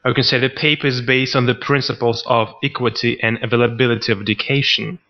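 A man co-hosting a podcast, teaching vocabulary in a scripted lesson and reading out example sentences in a measured way. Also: mid-range voice, steady tone. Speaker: podcast co-host. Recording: dull lo-fi recording.

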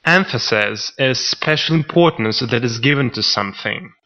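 A man co-hosting a podcast, teaching vocabulary in a scripted lesson and reading out example sentences in a measured way. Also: medium pitch, expressive, sharp tone. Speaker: podcast co-host. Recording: dull lo-fi recording.

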